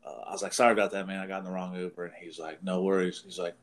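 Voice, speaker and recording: Guy with a lowish voice rambling thru a story, swears a lot, laughs at himself, super casual. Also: steady tone, rapid-fire, a bit bright. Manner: rambling, profane, laughs through his story. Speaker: podcast co-host.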